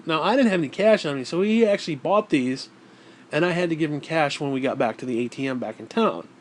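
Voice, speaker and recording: A man's voice: a little high, lively intonation, quick pace, a little hiss or hum. A man vlogging, telling a story in a casual, rambling way, swearing often and sounding exasperated.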